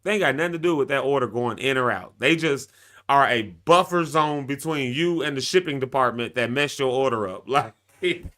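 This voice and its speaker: A man's voice: mid-range voice, normal speed. A man in his thirties hosting a live-stream show, chatting casually with viewers, laughing often. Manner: animated, laughing, talks straight to viewers.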